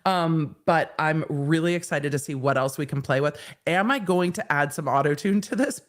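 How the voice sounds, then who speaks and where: A woman hosting a casual livestream, playful and excitable, reading viewer comments aloud into a studio mic. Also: low-pitched, moderate pace. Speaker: legal commentator, host. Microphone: studio microphone.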